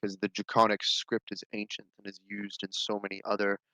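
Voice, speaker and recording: A man playing his character in a tabletop role-play game, explaining things in a measured, scholarly way. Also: lowish voice, completely flat delivery, bright, forceful tone, no echo, poor audio.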